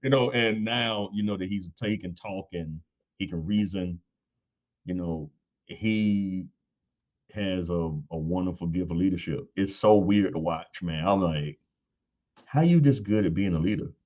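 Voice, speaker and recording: Guest speaker, thirties, very low voice, lively storyteller who jumps up high for quotes; muffled lo-fi recording. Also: male voice, unhurried. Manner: animated, laughs often, acts out quotes in high voice. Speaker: guest on church panel. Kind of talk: casual storytelling.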